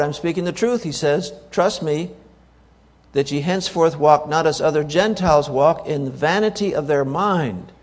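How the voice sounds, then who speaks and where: A man's voice: fairly high pitch, in a large hall. A man preaching a sermon to a congregation, emphatic, repeating key words and asking the audience rhetorical questions.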